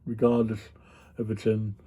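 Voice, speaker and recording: Dark-voiced man chatting casually. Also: lowish voice, completely flat delivery, normal speed, a little hiss or hum. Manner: rambling, chatty, with frequent ums and yawns. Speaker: reseller vlogger. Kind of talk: casual chat.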